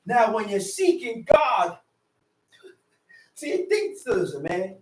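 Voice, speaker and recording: A man preaching a sermon with shouted, impassioned bursts, dropping into slow definitions and casual street talk, calling his listeners "man.". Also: high voice, sing-song. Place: worship hall. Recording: echoey room, mic far off.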